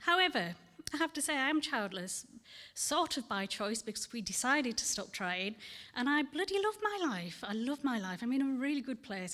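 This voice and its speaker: A woman gives a poetry reading at a festival event, her voice sitting fairly high. She speaks candidly and earnestly, with a measured reading cadence. A long hall reverb trails behind every phrase. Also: a bit bright. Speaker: poet. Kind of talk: poetry reading with personal talk.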